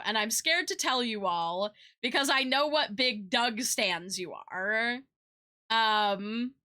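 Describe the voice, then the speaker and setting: A young woman from Kentucky, a streamer and artist, telling stories in casual chat, animated and full of fillers. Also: high voice. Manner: chatty, animated, lots of fillers and quoted voices.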